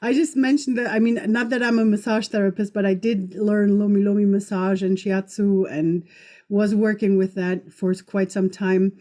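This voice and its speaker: A woman's voice: medium pitch, flat delivery, moderate pace. A woman hosting a podcast, talking in a rambling way with many restarts. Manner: warm and rambling, hesitant restarts. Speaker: podcast host. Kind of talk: casual podcast conversation.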